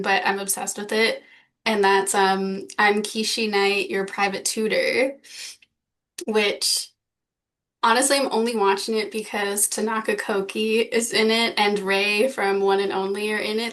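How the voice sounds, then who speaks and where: A woman's voice: mid-range voice, a bit bright. A woman co-hosting a podcast, talking casually and filling her speech with likes and laughs. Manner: chatty, many "like" fillers, laughs often. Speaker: podcast co-host. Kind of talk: casual chat.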